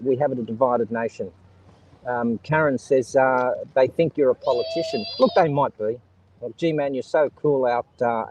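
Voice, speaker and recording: A man's voice: fairly high pitch, no echo, highs cut off. An Australian man hosting an outdoor live stream on a beach, talking straight to his viewers and sharing firm opinions in casual commentary. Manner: opinionated, talks straight to viewers and reads out chat.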